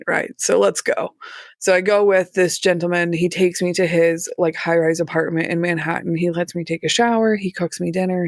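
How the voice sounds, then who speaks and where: A woman telling her own story as a podcast guest, candid and halting, with nervous laughs. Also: lowish voice, gravelly, no room sound, studio quality. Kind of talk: personal story in a podcast interview.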